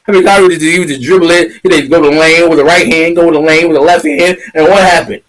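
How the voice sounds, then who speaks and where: A man's voice: on the high side, steady tone, fast, poor audio. A man co-hosting a sports podcast, ranting heatedly, swearing and trash-talking rival fans. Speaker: podcast co-host.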